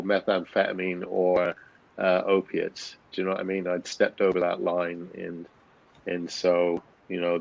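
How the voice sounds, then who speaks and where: A man's voice: low voice, vocal fry, no echo, muffled recording. A man in his fifties, a guest telling a personal story in a blunt, candid way, swearing freely and often restarting his sentences. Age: 50s.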